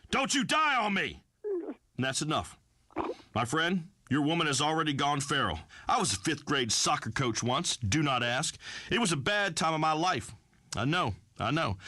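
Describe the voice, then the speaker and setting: An actor playing a brash, folksy redneck farmer who hosts a talk radio show, blustering through rambling pronouncements. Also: male voice, a little high, bright, forceful tone, dry recording, clean studio sound, full character voice. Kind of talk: comic talk radio acting.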